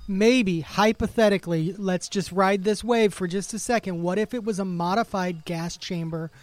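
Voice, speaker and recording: A man's voice: high voice, moderate pace, no echo. A man co-hosting a podcast, chatty and giggly, with many fillers. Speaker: podcast co-host. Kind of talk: casual chat.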